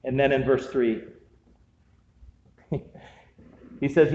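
Humorous pastor in an echoey hall. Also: male voice, mid-range voice, steady tone, drawn-out words, warm tone, slight background noise. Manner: humorous, conversational preaching with asides. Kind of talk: sermon. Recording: dull, echoey hall sound.

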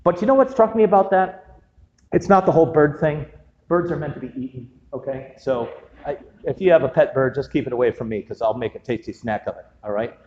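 Humorous pastor in an echoey hall. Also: male voice, on the high side, a little fast, darkish tone, slight background noise. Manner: humorous, conversational preaching with asides. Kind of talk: sermon. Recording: dull, echoey hall sound.

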